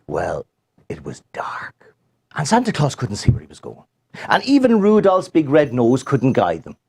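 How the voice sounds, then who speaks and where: A middle-aged man with a Northern Irish accent, telling a story casually, with animated delivery, hesitant restarts and drops to near whispers. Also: fairly high pitch, normal speed, breathy edge. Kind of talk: casual storytelling on a live show.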